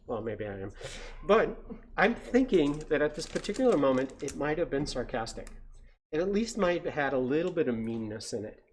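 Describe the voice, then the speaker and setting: A man's voice: mid-range voice, a little hiss or hum. A man reading a picture book aloud at a children's story time, stopping often for playful, chatty asides to the audience. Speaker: story time reader at a science center.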